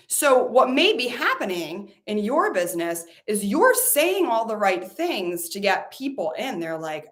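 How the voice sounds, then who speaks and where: A woman's voice: fairly high pitch, fairly bright tone. Blunt, emphatic woman business coach. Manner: emphatic, blunt, frequent "like" and swearing. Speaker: business coach and podcast host. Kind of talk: motivational business talk.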